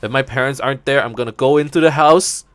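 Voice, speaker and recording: A man's voice: mid-range voice, quick pace, dry recording. A young man hosting a let's play, rambling through casual stories with frequent swearing. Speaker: gaming channel host.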